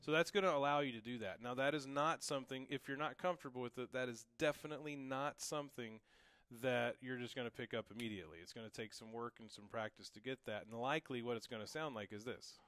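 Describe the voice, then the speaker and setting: A man's voice: mid-range voice, quick pace, fairly bright tone, clean tone, dry recording, faint music behind. A young man giving a casual, encouraging drum lesson, explaining each pattern and counting it aloud. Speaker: drum teacher. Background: drum kit.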